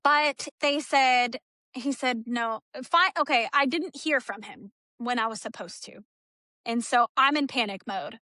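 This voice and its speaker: A woman's voice: fairly high pitch, a little slow, sharp tone, no room sound. A woman from Texas, a guest in an interview, giving an emotional personal account and acting out the dialogue as she tells it. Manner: storytelling, acts out quoted dialogue.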